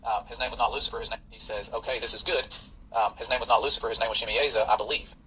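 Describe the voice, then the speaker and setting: A man's voice: medium pitch, fairly even intonation, rapid-fire, sharp tone, slight background noise, low-quality recording. A man, a father, reading passages aloud and commenting in an earnest, warning tone. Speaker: host and father.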